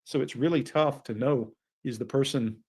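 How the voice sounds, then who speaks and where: A man's voice: medium pitch, normal speed, a little mellow, slightly rough. A man with interrogation experience talking through a case on a true crime panel in a casual, analytical way. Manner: analytical, questioning.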